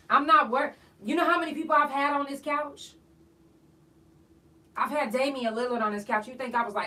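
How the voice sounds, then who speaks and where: A woman's voice: sits high, normal speed, long pauses, bright, forceful tone. A woman hosting a podcast, ranting bluntly and profanely in an emphatic, outspoken monologue. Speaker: podcast host. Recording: voice a bit far from the mic.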